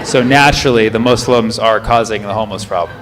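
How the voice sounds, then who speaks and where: A man's voice: fairly low pitch, a little fast, background noise. A man doing live stand-up crowd work on stage, quizzing the audience and correcting himself mid-sentence. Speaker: stand-up comedian. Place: comedy club stage. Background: audience laughter and room murmur.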